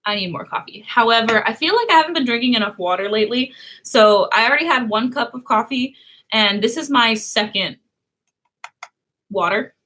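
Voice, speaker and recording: A woman's voice: on the high side, expressive, moderate pace, pushed and bright. A woman from California co-hosting a casual YouTube chat, talking in a loose, chatty way with fillers and laughs. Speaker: YouTube co-host.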